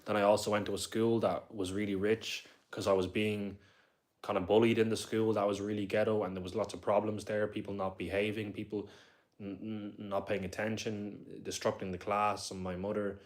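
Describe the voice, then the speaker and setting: A man's voice: lowish voice, little pitch movement, moderate pace. A young man with a Dublin accent, rambling casually through a live stream and talking back to his viewers. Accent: Dublin Irish. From Ireland. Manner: rambling, talkative, reads viewer comments aloud.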